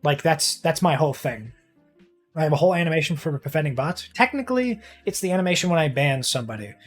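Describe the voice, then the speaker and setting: A young man chatting casually while streaming a game, rambling, swearing freely and getting excited easily. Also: a little high, quick pace, faint music behind. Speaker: livestreamer. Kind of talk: casual live-stream chat while gaming.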